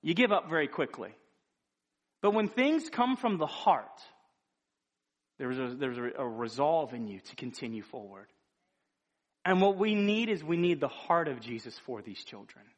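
A man delivers a sermon in a high, light voice. He speaks earnestly and conversationally, often stopping to restart a phrase before pressing his point. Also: sing-song, normal speed, long pauses. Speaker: preacher.

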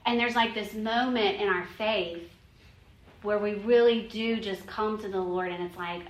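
A woman's voice: medium pitch, fairly even intonation, a little slow. A woman giving a conversational devotional teaching to women, earnest and heartfelt, often saying "like" and "you know". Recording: roomy echo, faint ambience.

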